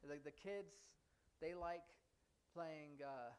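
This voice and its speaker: A man's voice: on the high side, slow, a little mellow, clean tone. A man teaching an informal sign language class in a church classroom, taking students' questions one by one and thinking aloud as he explains each sign. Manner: easygoing, answers students by turns, thinks aloud.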